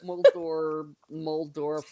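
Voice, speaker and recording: A woman's voice: deep voice, level tone, extremely slow, mellow, dry recording. A woman with an Irish accent hosting a casual book discussion, chatty and laughing often. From Ireland. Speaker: host.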